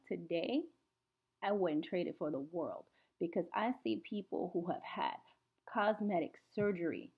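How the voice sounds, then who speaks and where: A woman's voice: on the low side, breathy edge, phone-quality sound. A young woman vlogging casually to camera about her weight-loss journey, emphatic and motivational, often repeating "you know what" and "okay?".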